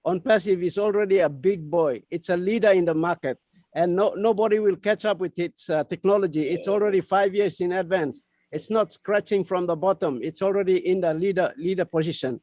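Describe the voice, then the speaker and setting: High-voiced Papua New Guinean man, dry. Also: brisk, darkish tone, no room sound. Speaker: webinar speaker. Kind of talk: motivational pitch in Tok Pisin. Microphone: video call.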